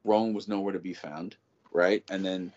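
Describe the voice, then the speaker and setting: Low-voiced man ranting in casual chat. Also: moderate pace. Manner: animated, profane, rambling with many restarts. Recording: dull lo-fi audio.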